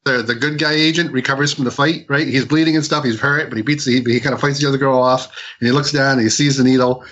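A man's voice: medium pitch, fairly even intonation, quick pace, fairly bright tone, highs cut off. A man co-hosting a comic book podcast, retelling a story in a rambling way with many restarts. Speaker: podcast co-host. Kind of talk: casual comic book review chat.

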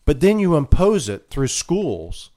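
A man's voice: on the high side, very animated, measured pace, warm tone. A man hosting a political talk show, delivering emphatic, indignant commentary and often repeating himself.

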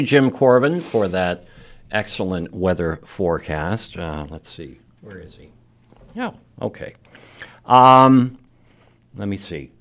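Low-pitched guy hosting a radio show, laid back and rambly, lots of ums. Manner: easygoing, rambling with fillers. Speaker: radio talk show host. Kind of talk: casual on-air chat.

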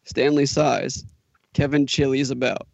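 A man narrating a comedy script in a deadpan, matter-of-fact way. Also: mid-range voice, unhurried, gravelly, no echo, highs cut off. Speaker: comedy podcast co-host reading a script.

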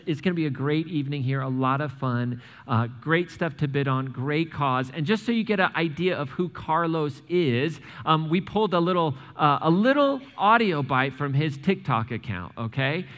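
Animated pastor in a reverberant hall. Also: male voice, medium pitch. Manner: animated, repeats and restarts words, talks directly to the congregation. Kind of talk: sermon with church announcements. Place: church sanctuary.

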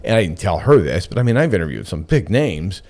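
Deep-voiced male radio host. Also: very animated, brisk, darkish tone. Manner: chatty, candid, enthusiastic. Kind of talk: casual radio talk.

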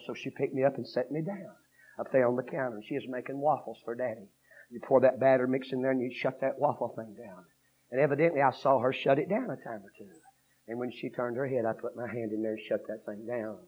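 A man preaching a revival sermon, swinging from hushed storytelling to shouted fervor. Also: medium pitch, phone-quality sound.

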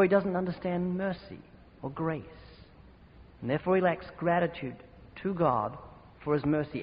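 Emphatic preacher in an echoing hall. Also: male voice, high-pitched. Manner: emphatic, forceful, with sudden loud swings. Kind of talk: sermon. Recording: dull reverberant hall recording.

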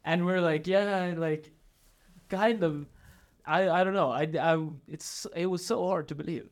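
Young man chatting with a slightly raised pitch. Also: fairly even intonation. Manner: halting, restarts sentences. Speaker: co-guest. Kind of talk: casual chat.

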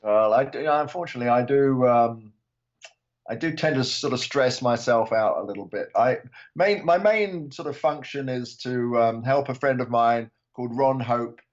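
A man's voice: medium pitch, normal speed, lo-fi sound. An older man from England, a podcast guest, chatting casually with many ums and restarts. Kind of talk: casual interview chat.

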